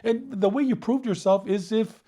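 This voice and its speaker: A retired police detective, an older man born in Mexico, tells stories in a casual interview, animated and profane, peppering everything with "dude" and "you know what I mean." His voice is high-pitched at normal speed.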